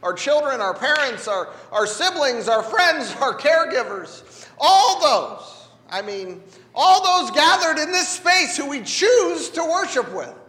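A man's voice: very high-pitched, sing-song, a little slow, pushed and bright. A man preaching a sermon in a conversational, playful way, drawing responses from his congregation in a church. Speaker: pastor. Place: church sanctuary. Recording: echoey hall.

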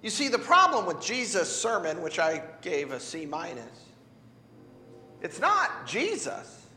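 A man's voice: sits high, huge pitch swings, measured pace, bright, forceful tone. A man preaching a sermon in a conversational, playful way, drawing responses from his congregation in a church. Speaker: pastor. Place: church sanctuary. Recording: echoey hall.

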